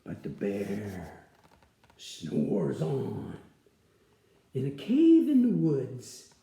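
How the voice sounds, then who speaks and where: A woman reading a picture book aloud in an expressive, sing-song way. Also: very deep voice, drawn-out words, gravelly. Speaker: storyteller. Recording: echoey room.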